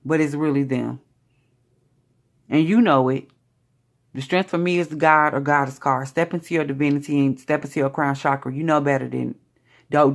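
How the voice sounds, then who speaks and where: A woman giving a live pick-a-card tarot reading, blunt and sassy with chatty asides. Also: deep voice. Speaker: tarot reader.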